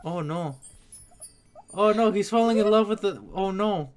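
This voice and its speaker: A reaction video host giving casual commentary, excitable and quick to exclaim and gasp. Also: medium pitch, a little hiss or hum. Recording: clear background music. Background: clear background music.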